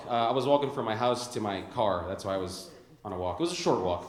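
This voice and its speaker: A young man from Chicago doing a stand-up comedy set on a club stage, animated, laughing at his own lines and calling people "bro" and "dude.". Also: fairly low pitch, fast talker. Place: comedy club stage before a live audience. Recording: roomy club sound.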